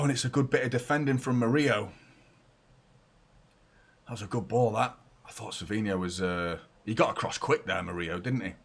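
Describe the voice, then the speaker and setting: Excitable fan host at home. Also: male voice, fairly low pitch, moderate pace, slightly rough. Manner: excitable, chatty, swings between shouts and mutters. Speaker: football fan channel host. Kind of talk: live match watchalong commentary. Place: home room with door open and a fan.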